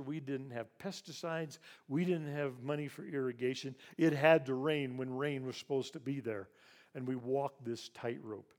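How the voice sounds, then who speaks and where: Older guy from ivory coast telling his life story at church, earnest, voice goes quiet and emotional on the sad bits, middle pitch. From grew up in Ivory Coast. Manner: earnest, hushed and emotional when recounting loss. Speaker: charity president speaking to a church audience. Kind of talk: personal storytelling talk.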